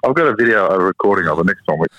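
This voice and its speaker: A man in his fifties with an Australian accent, talking as a podcast guest and telling family stories, sometimes mimicking his small children in a high voice. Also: expressive, very fast, crowd noise. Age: 50s. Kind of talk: casual interview chat. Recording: slightly dull podcast audio.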